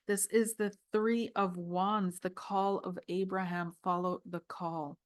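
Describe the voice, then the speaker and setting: A woman's voice: medium pitch, little pitch movement, a little slow, hardly any pauses, dry recording, clean studio sound. A woman reviewing a tarot deck, reading scripture passages aloud and talking with emotional, tearful awe. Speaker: tarot reader.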